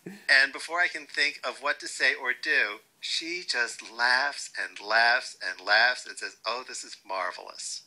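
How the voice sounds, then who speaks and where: An older man being interviewed, telling wry, lively stories and quoting people along the way. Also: medium pitch, a little slow, poor audio. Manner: wry, animated anecdotes with quoted voices. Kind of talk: storytelling interview.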